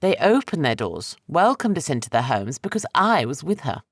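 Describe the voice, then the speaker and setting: A man's voice: fairly high pitch, very animated, normal speed, a bit bright, no room sound, clean studio sound, pitched above the performer's own voice, exaggerated voice. A man voicing a frightened, defiant young Roman noblewoman in a raised, tense voice for an audiobook.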